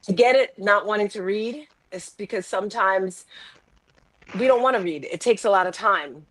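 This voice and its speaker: A woman life coach and author telling a personal story in an interview, animated and acting out her own self-talk. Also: medium pitch, normal speed.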